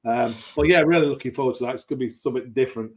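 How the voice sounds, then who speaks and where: Easygoing man chatting as a guest. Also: medium pitch. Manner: easygoing, laughs along, halting phrasing. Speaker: guest home brewer. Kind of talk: casual chat.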